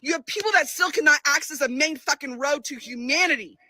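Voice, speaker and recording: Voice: sits high, a little fast, bright, forceful tone, dry recording. A speaker in a played clip ranting furiously, swearing and hammering the same phrase again and again. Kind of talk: angry eyewitness rant.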